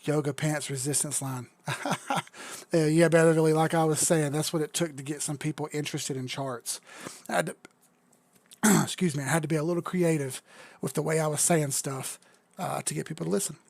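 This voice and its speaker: Excitable profane crypto streamer man. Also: a little high, normal speed, gravelly, dry recording. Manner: excitable, profane, chatty banter with viewers. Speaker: crypto livestream host. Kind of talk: casual livestream chart analysis.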